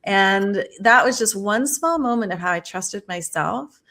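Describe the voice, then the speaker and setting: A woman's voice: medium pitch, lively intonation, a little slow, fairly bright tone. A woman author speaking as a podcast guest, earnest and enthusiastic, telling a personal story in a reflective, conversational way. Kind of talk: conversational interview.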